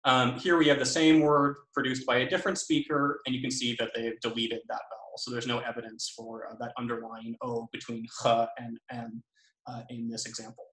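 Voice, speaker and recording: A man giving an academic linguistics talk over a video call, measured and full of ums and uhs, his phrases trailing off. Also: mid-range voice, little pitch movement, a bit bright. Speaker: linguistics lecturer. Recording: roomy echo.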